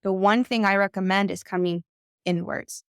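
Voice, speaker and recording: Woman, coach, conversational advice, emphatic, mid pitch, dry close sound. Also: fairly even intonation, moderate pace, smooth, no echo. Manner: emphatic, acts out quoted voices. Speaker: coach and mother.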